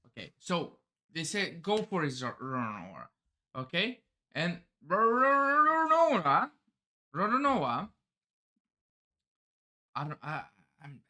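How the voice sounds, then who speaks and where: A man with a sharp, rather high voice hosts a live manga reaction. He rambles, interrupts himself, and often stumbles over words and restarts his sentences.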